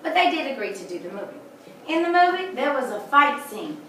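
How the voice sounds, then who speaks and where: A woman with a drawl leads a house tour in a chatty, folksy way. Her voice sits a little high. She is picked up from across a very echoey room, with a faint hum behind her. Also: sing-song, a little fast, bright, forceful tone, recorded from a distance. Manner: chatty, folksy storytelling with jokes. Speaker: tour guide. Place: indoors in a large historic house.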